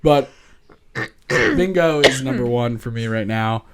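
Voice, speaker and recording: A man's voice: medium pitch, unhurried, clear, resonant tone. A man co-hosting a casual podcast, telling stories with frequent laughter and casual swearing. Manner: laughs often, swears freely, animated storytelling. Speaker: podcast co-host. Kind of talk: casual chat.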